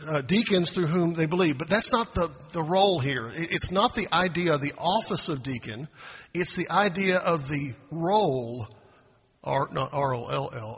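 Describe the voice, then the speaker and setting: A male pastor delivers an emphatic sermon, throwing rhetorical questions at his congregation. His voice sits high and has a slightly husky edge. It rings out with the long reverb of a church hall. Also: pushed and bright. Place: church sanctuary.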